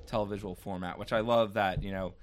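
A man's voice: fairly low pitch, steady tone, fairly quick. A man hosting a casual podcast chat, rambling with many fillers and restarts. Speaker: podcast host.

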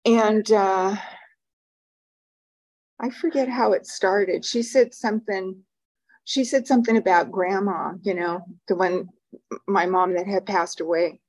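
A woman's voice: mid-range voice, fairly even intonation, measured pace, pauses often, rough recording. An older woman speaking at a recovery meeting, telling personal stories in a loose, rambling way full of fillers. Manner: rambling, warm storytelling with fillers and laughs. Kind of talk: personal testimony talk. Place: meeting room.

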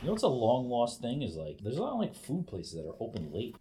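A man's voice: medium pitch, huge pitch swings, fast, heavy background noise. A man hosting a sports betting podcast, talking football in an emphatic way and moving through the picks. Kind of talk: casual sports chat.

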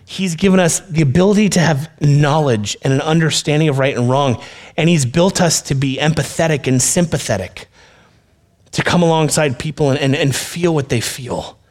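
A man's voice: on the high side, normal speed, darkish tone. A male pastor preaching a sermon in an earnest, conversational way, speaking directly to his listeners.

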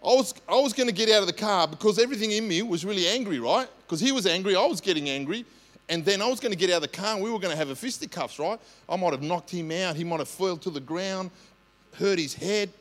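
A man with an Australian accent, a senior pastor telling stories in a lively, conversational sermon, often asking "right?". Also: high voice, quick pace. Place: church. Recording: long church hall reverb.

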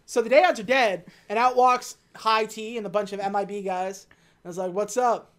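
A woman co-hosting a casual chat, retelling a film's plot and dropping into quick mock voices for the characters. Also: medium pitch, steady tone. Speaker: podcast co-host recapping a film.

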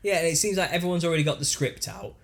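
A man's voice: on the high side, rapid-fire, a bit bright. A man co-hosting a podcast, reading news articles aloud with frequent laughter and put-on voices for quotes. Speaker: podcast co-host.

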